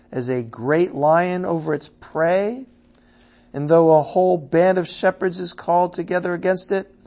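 A Bible teacher with a fairly high voice leads an evening study, reading scripture aloud. He shifts between quiet asides and loud, emphatic passages, frequently checking in with his listeners.

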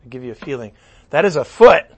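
A male pastor preaching a sermon with animated, conversational asides. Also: on the high side, fast.

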